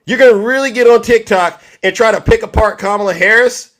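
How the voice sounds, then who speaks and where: Middle-aged male debate host, high voice, combative, interrupts constantly. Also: brisk, a bit bright. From California. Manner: combative, repeats the name to interrupt. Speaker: live-stream debate host. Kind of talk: heated political argument.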